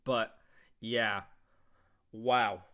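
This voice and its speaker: A man's voice: fairly low pitch, fairly even intonation, very slow, pushed and bright, clear, resonant tone. A man giving heated, profane commentary on a match as an esports analyst, talking at home. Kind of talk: ranting commentary.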